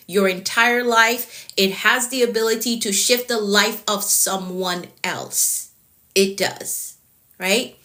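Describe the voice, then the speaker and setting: A woman's voice: on the high side, sharp tone. A woman productivity coach giving an earnest, emphatic motivational talk with rhetorical questions.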